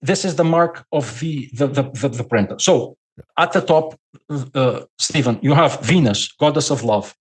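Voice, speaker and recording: A man's voice: mid-range voice, expressive, moderate pace, breathy edge. A man from Portugal with a Portuguese accent, a non-native English speaker, explaining at length as a podcast guest and often repeating words as he thinks. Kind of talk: podcast conversation.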